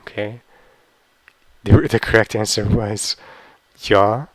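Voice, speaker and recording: A young man teaching an online language lesson, drilling practice questions slowly and carefully with frequent ums. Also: fairly low pitch, flat delivery, a bit bright, no echo.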